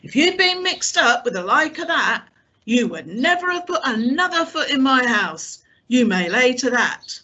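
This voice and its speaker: A woman voicing a cunning, one-legged male pirate innkeeper who talks loud and stern. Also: high voice, very animated, a little slow, breathy edge, lo-fi sound, pitched above the performer's own voice, full character voice. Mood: blustering.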